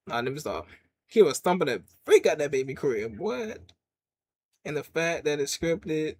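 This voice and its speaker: Casual reviewer, pitch swoops all over, slangy storytelling, frequent laughter, middle-pitched. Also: normal speed, husky. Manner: animated, laughs often, slangy, acts out quotes. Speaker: wrestling show reviewer. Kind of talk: casual retelling with commentary.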